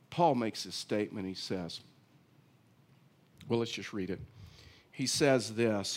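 A man's voice: on the low side, takes it slowly, long pauses. A middle-aged man with a Texan accent preaching a sermon, telling folksy stories and acting out dialogue. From Texas. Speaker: pastor.

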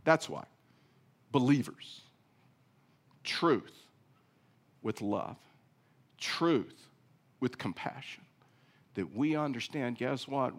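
A middle-aged male pastor preaching a sermon, telling a story with big swings between loud and soft. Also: medium pitch, animated, drawn-out words, pauses often.

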